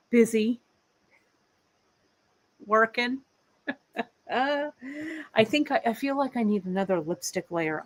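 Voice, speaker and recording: A woman in her fifties hosts a live craft stream from her workbench. She talks slowly and unhurriedly, rambling warmly between asides to her viewers and her cat. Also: mid-range voice, rough recording. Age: 50s. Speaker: host of a live beading show. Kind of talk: casual live-stream chat. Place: workshop bench, indoors.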